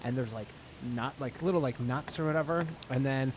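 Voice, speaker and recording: A man's voice: medium pitch, a little fast. A man in casual chat, animatedly telling a story, acting out other people's lines and swearing freely. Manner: animated, acts out quotes, swears. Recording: noisy stream audio with clicks.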